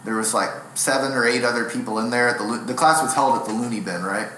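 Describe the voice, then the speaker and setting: A man's voice: mid-range voice, quick pace, fairly bright tone, slight background noise. Young man telling rambling comic anecdotes. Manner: rambling, self-deprecating anecdotes. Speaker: stand-up comedian, guest. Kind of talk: casual interview storytelling. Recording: echoey room.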